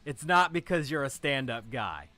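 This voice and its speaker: A man's voice: medium pitch, very animated, moderate pace, pushed and bright, faint music behind. A man chiming in on a stream with mocking, profane jabs in casual chat.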